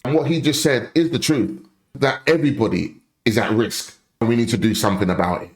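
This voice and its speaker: A man's voice: medium pitch, a little fast. Blunt impassioned man ranting. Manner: blunt, impassioned, repeats points for emphasis. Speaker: commentary host. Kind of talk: opinion rant reacting to a clip.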